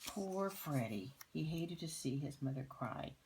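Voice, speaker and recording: Slow, gravelly-voiced grandmother reading aloud. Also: low-pitched, lively intonation, slight background noise, rough recording. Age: older. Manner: gentle, pointing out pictures. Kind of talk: picture book read-aloud.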